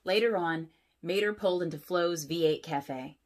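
A woman's voice: on the low side, moderate pace. A woman pastor reading a picture book aloud to children, with friendly asides and questions. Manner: animated storytelling, asides to kids.

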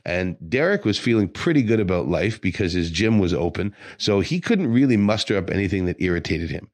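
A deep-voiced man on a fitness podcast, talking casually as a trainer and building into earnest rants. His voice sits very low and close, with a dry, dead sound around it. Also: very animated, brisk, a little mellow, no echo. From Quebec. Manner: chatty, ranting with conviction.

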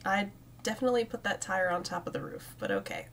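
A woman's voice: medium pitch, big pitch swings, fast talker, a bit bright, slight background noise. A young woman streaming a cozy game, chatting casually and talking to the plants as she plays, with frequent giggles. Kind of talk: casual let's-play commentary.

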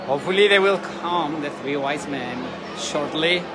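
A travel vlogger, a woman, gives excitable live commentary at a street parade outdoors and shouts out greetings and names. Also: sits low, measured pace. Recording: outdoor crowd noise. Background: cheering crowd and street noise.

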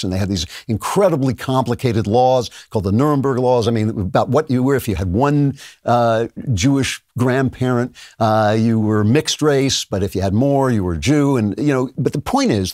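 A man's voice: medium pitch, darkish tone, no room sound, studio quality. An older man hosting a show, delivering an emphatic opinion monologue in a lecturing manner. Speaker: show host.

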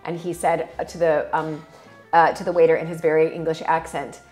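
A woman's voice: sits low, flat delivery, normal speed, darkish tone, soft background music. A middle-aged American woman, chatty, hosting a word quiz and talking straight to her viewers. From United States. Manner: chatty, quizzes others and addresses viewers. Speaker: host. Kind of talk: casual quiz chat.

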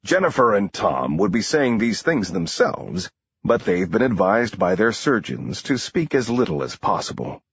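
A man's voice: on the low side, sing-song, normal speed, fairly bright tone, husky, muffled recording, full character voice. A man voicing a male film producer who sounds overly sincere and oily. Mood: schmoozing. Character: smooth-talking male film producer in schmooze mode.

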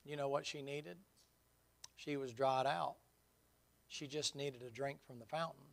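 A middle-aged man preaching a sermon, telling folksy stories and building to loud, emphatic points. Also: mid-range voice, fairly even intonation, a little slow, creaky.

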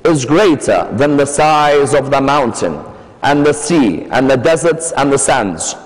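A male lecturer voicing a weeping young man who pleads in a hushed, despairing way that his sin cannot be forgiven. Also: mid-range voice, expressive, a little slow, voice pushed down, natural voice. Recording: reverberant lecture hall.

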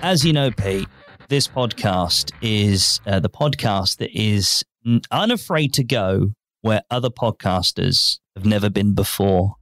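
A man's voice: fairly low pitch, lively intonation, unhurried, a bit bright, no echo, soft background music. Guy co-hosting a podcast, jokey and rambly, voice jumps up and down a lot, dry sound. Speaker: podcast co-host. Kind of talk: casual chat.

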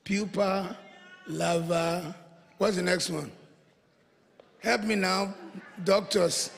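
A man preaching a sermon as pastor, leading the congregation in call-and-response and breaking into emphatic shouts. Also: high-pitched, fairly even intonation, very slow, gravelly. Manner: emphatic call-and-response, repeats phrases and has the congregation echo them; bursts into shouts. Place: church before a congregation.

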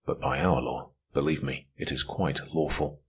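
A man reading an audiobook, voicing a gentle and polite revolutionary man who speaks low, quiet and slow. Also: fairly even intonation, slightly rough, heavily acted. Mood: quiet firm.

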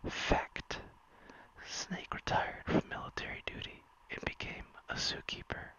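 A streamer reading a silly story aloud in a soft whisper, as whispered role-play. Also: normal speed, rough recording. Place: virtual-world stream.

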